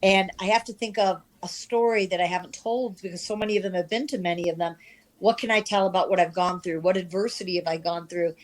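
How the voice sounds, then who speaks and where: A woman in her fifties from the American Midwest, a sports reporter telling her career stories in an interview, animated and self-deprecating. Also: on the low side, quick pace, rough recording. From Midwest of the United States. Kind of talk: candid conversational storytelling.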